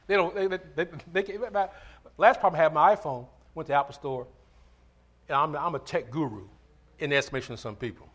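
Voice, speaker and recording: A man's voice: fairly high pitch, fairly bright tone. A male pastor preaching a sermon, calling for amens and telling casual stories between points. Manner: call-and-response preaching, asks for amens; conversational asides and storytelling.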